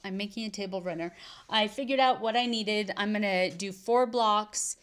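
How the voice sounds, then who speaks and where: A woman's voice: mid-range voice, fairly bright tone. A woman vlogger chatting casually about her stitching and quilting projects, rambling and correcting herself as she goes. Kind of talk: casual chat.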